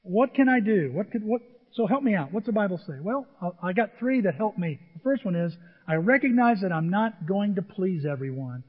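An older man preaching a sermon, telling stories with animated acted-out voices. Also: high voice, brisk, few pauses, breathy edge. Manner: animated storytelling, acts out voices. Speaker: pastor. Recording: dull lo-fi audio with hall reverb.

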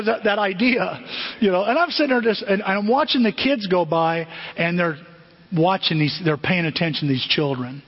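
A male pastor preaches in a chatty, conversational way, tossing rhetorical questions at his listeners. His voice is husky and sits a little higher than most men's. The recording sounds dull and lo-fi. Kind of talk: sermon.

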